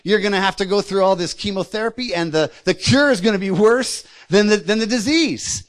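A man's voice: high-pitched, a little fast, voice pushed up, natural voice. A man voicing a taunting male giant of sickness, a bully who gloats and makes menacing threats.

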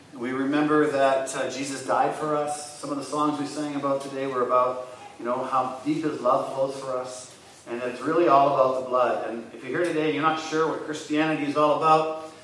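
A man preaching as a church pastor, earnest and rising loud when he retells scripture scenes. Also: medium pitch, slight background noise. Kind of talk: sermon. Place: church sanctuary. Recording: echoey church hall from far off.

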